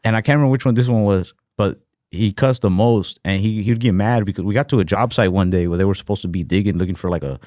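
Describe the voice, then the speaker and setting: A man's voice: on the low side, quick pace, darkish tone, no echo, clean studio sound. A young man co-hosting a podcast, telling rambling, profane work stories in a casual chat with quoted voices. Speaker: podcast co-host.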